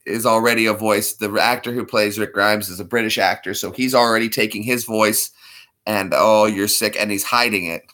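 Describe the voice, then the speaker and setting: A man's voice: lowish voice, steady tone, a little fast, bright, forceful tone. A man chatting casually in a vlog, rambling and laughing between attempts at impressions. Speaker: vlogger.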